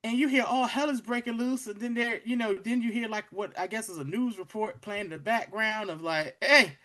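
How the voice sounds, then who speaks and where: A man's voice: high voice, steady tone, fairly quick, a bit bright. A young man in casual chat, animatedly retelling a show's scenes with slang and acted-out quotes. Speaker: podcast co-host reviewing a show. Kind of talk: casual chat recapping a show.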